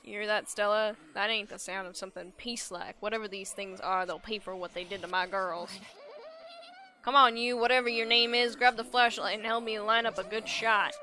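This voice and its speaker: Casting note: a woman playing a hot-tempered old farmer in a game, bright-voiced, loud and drawling. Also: mid-range voice, steady tone, brisk, slight background noise, natural voice. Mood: vengeful. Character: gruff older male farmer, protective and hot-tempered. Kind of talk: reading game dialogue aloud.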